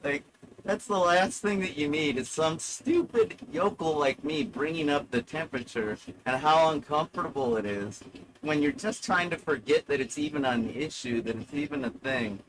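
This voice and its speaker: A man's voice: fairly high pitch, moderate pace, background noise. A man streaming live, rambling in a sardonic, self-mocking way and swearing freely.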